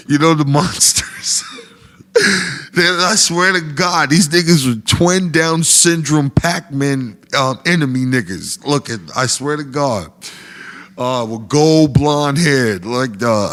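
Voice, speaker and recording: A man telling a comic anecdote in a casual, profane, slangy way, getting animated as he goes. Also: medium pitch. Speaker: storyteller guest.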